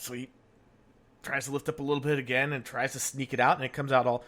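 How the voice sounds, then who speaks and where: A man's voice: medium pitch, fast, a bit bright. A man hosting a podcast, telling jokes in casual chat and laughing at his own punchlines. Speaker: podcast host.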